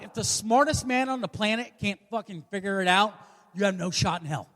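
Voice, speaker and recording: Brash, high-voiced comedian in his forties. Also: a little fast, bright, forceful tone. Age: 40s. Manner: brash, profane, self-mocking punchlines. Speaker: stand-up comedian. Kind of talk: stand-up comedy set. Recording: long hall reverb.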